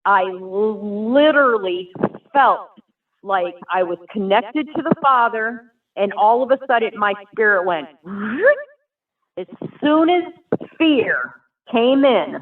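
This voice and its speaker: A woman's voice: medium pitch, expressive, takes it slowly. A woman tells her personal story in an earnest, vivid way, the words pouring out with feeling. Her voice comes through thin and tinny, as on a phone line, and sits far from the microphone. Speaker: guest sharing a personal testimony. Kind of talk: emotional personal testimony.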